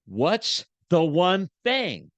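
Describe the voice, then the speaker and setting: A man's voice: sits high, huge pitch swings, extremely slow, no room sound, voice pushed up, exaggerated voice. An old man doing a frazzled, baffled city guy. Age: 70s.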